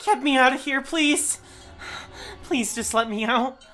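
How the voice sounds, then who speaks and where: A woman voicing a terrified young woman in a video game, screaming and pleading in a high, shrill voice. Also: fairly even intonation, a little slow, soft background music, lightly acted. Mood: frantic screaming. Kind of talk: video game voice-over reading.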